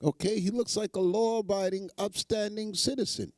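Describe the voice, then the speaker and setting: High-voiced sarcastic male commentator. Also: steady tone, moderate pace, a little mellow, no room sound. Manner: sarcastic, emphatic, repeats phrases. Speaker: show host commenting on news clips. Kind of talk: mocking live commentary.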